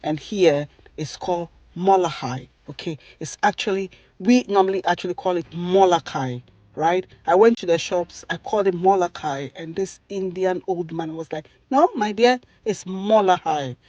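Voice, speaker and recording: A Ghanaian woman talks viewers through a recipe in a relaxed, chatty way, checking in with a quick "okay?" or "right?" after almost every step. The sound is dry and close, with no room echo. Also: fairly low pitch, lo-fi sound. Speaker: cooking vlogger. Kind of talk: chatty cooking tutorial.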